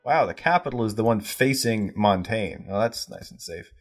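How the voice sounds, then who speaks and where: A man's voice: on the low side, expressive, normal speed, faint music behind. A man narrating as game master, playful and laughing often.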